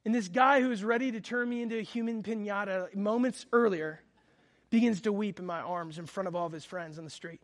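A man's voice: sits high, brisk. A man in his thirties preaching a sermon, telling a personal story with fervent, earnest delivery. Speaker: pastor.

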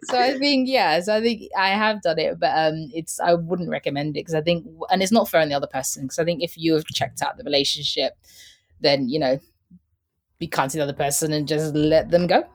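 A woman's voice: sits low, a little fast. A woman talking casually as a podcast guest and fashion insider, chatty, with frequent laughter and fillers. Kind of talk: casual chat about a TV show.

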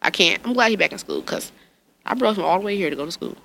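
A woman's voice: fast talker, vocal fry, slight background noise. A woman in her thirties chatting casually, telling parenting stories with big acted-out quotes, swearing freely, and laughing often. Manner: animated storyteller, acts out quotes with big pitch jumps, swears freely. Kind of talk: casual chat.

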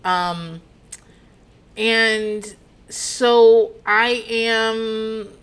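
Woman, 30s, podcast host; profane, animated storyteller who laughs a lot. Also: fairly high pitch, drawn-out words, clear, resonant tone. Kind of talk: casual storytelling chat.

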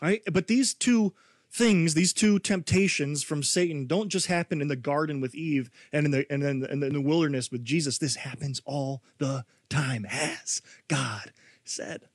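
A male pastor preaching a sermon in a conversational, animated way, full of rhetorical questions. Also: a little high, moderate pace, no echo.

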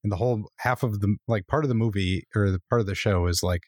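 A man's voice: fairly low pitch, fast, darkish tone, no room sound, clean studio sound. A man co-hosting a podcast, rambling and opinionated, full of fillers. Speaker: podcast co-host. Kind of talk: casual chat.

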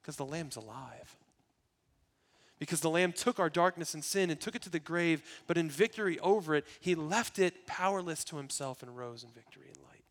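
A man preaching a sermon in an earnest way, moving between loud emphasis and hushed, quiet passages. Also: a little high, animated, normal speed. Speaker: pastor.

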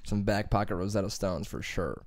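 A man's voice: fairly low pitch, fairly quick, no room sound. Young man from Columbus for a casual podcast host, rambling, profane, laughs a lot, dry close mic. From Columbus, Ohio. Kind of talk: casual chat.

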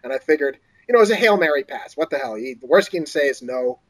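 Speaking at a quick pace over a rough recording, this man is an author from the Boston area appearing on an interview podcast. He tells his story casually and animatedly, voicing other people's lines in a higher pitch.

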